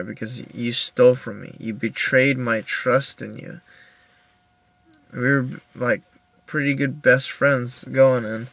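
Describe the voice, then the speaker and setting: A young man recording a personal video diary in his car, upset and halting, with many restarts as he tells what happened. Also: medium pitch, gravelly, sharp tone, no echo. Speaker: video diarist.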